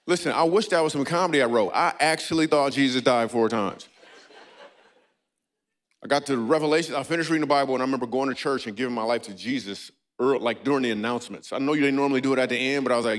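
A man doing a stand-up comedy set on a church stage, riffing playfully with a live audience. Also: fast. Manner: playful, riffing with the audience, breaks into squeaky and goofy voices.

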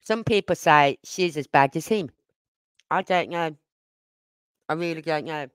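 An older Brummie woman from Birmingham, England, rambles unhurriedly through her casual livestream in a low-sitting voice. Outspoken, she speaks her mind and hops between points. The recording is dry, close, smooth and clear, with no echo.

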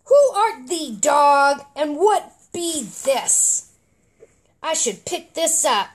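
Mom doing a brash old-timey frog warrior. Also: female voice, high-pitched, sing-song, extremely slow, exaggerated voice. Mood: puzzled. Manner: old-timey archaic speech, bold challenges. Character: tiny frog warrior dressed like a thunder god, male.

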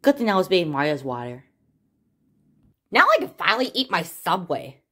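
Mario, a shouting hot-tempered plumber, as a woman voices him. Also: fairly low pitch, sing-song, moderate pace, no room sound, exaggerated voice. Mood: muttering. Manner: exasperated, yelling outbursts, mutters to himself. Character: hot-tempered grumbling male plumber in a plush puppet show. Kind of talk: homemade plush toy comedy skit.

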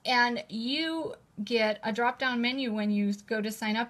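Woman, live-stream product host, gushing, chatty, slightly high voice, camera on a table holder. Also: measured pace, a bit bright. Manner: gushing, chatty, repeats "how cute is that". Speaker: host presenting new planners. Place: indoors at a table at home.

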